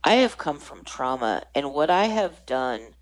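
A woman in her forties with a low, deep voice tells a personal faith story on a podcast. Her storytelling is animated, and she acts out the voices of other people as she goes. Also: a little slow, poor audio. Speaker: guest.

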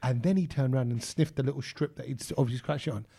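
Fast-talking man telling a story. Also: medium pitch, gravelly, husky. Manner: animated, acts out quotes, says "bruv" often. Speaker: podcast co-host. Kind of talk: casual chat, storytelling.

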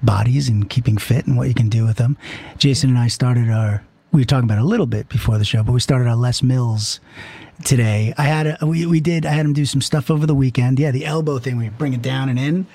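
A man co-hosting a podcast in casual chat, animated and quick to jump in. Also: medium pitch. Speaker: podcast co-host.

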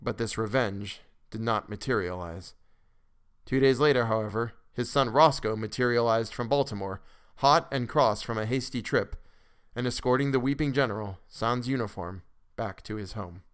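Smooth-voiced man narrating a story. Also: mid-range voice, normal speed, a bit bright. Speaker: podcast narrator. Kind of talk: scripted narration of a classic story.

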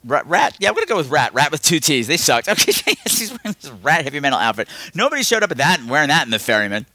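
A man's voice: fast, hardly any pauses. A man hosting a casual film review podcast, rambling, sarcastic and exasperated. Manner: animated, with lots of pitch swings. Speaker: podcast host.

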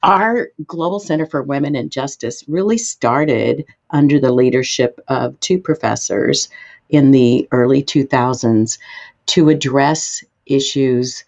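A woman guest expert answering interview questions, explaining in an emphatic way with sudden lifts in pitch. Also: unhurried, creaky, a little mellow, muffled recording.

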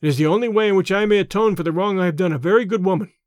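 A man reading an audiobook, voicing a calm, chivalrous jungle-raised gentleman who speaks in a measured, formal way. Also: high voice, no room sound, clean studio sound, close to an everyday voice.

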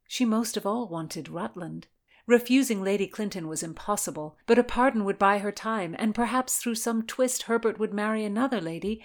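A woman narrating a historical novel as an audiobook, measured and dramatic. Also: on the high side.

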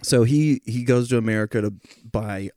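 A man's voice: mid-range voice, normal speed, mellow, no room sound, clean studio sound. A young man co-hosting a casual comedy chat, enthusiastic, making crude jokes and swearing. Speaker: podcast co-host.

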